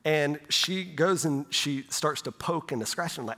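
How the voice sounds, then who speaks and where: A man's voice: fairly high pitch, moderate pace, few pauses, sharp tone. A middle-aged male pastor preaching a sermon in a conversational way, often checking in with "right?". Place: church sanctuary. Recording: long church reverb.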